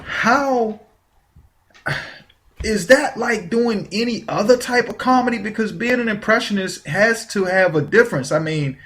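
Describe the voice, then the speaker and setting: A man hosting a casual interview, chatty and quick to laugh. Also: high-pitched, fairly bright tone. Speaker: host.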